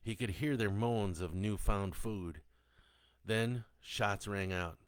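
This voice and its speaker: Deep-voiced man narrating horror. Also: slow pace, clear, resonant tone, no room sound. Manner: steady, descriptive storytelling. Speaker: audiobook narrator.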